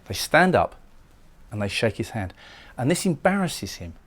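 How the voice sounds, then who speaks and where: A man's voice: mid-range voice, sing-song, normal speed, a bit bright. A man giving a recorded poetry lecture, explaining lines of a poem and often repeating words as he goes. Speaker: literature lecturer.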